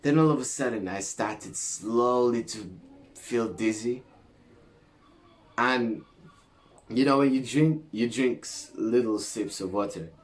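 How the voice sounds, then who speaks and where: Slow-talking young man, swearing storyteller. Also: mid-range voice. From Greece. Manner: animated, swears a lot, slangy. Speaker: vlogger. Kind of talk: casual storytelling to camera.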